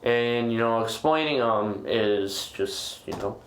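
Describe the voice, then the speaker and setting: A man's voice: medium pitch, a little hiss or hum. Rambling man in an echoey room. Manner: rambling, halting, restarts often. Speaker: podcast guest. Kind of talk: casual chat.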